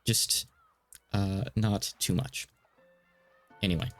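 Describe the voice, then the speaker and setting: Rambling low-voiced male streamer. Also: takes it slowly, faint music behind. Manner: rambling, chatty, slightly stuttering. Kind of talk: casual let's-play commentary.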